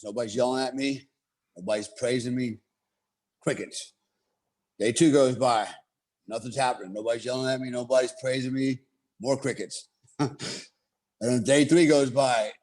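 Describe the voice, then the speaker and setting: Continuing his long, profane story, he keeps it relaxed, peppering it with "you know" and "right?". The voice is medium in pitch and a little mellow.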